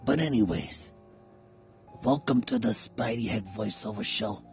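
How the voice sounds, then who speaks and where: A man's voice: lowish voice, animated, measured pace, gravelly, faint music behind. A man hosting a comedy voiceover show in a crude, mocking, profane way. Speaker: host.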